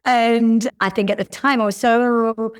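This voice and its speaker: A woman's voice: a little high, unhurried, clean tone. A woman, a clinic owner telling candid stories as a podcast guest. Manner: candid, animated storytelling. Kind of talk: podcast interview.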